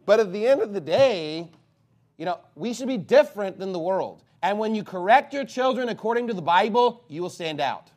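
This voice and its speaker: A man preaching a sermon as a pastor, emphatic, with sudden loud outbursts and big swings in pitch. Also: expressive, normal speed.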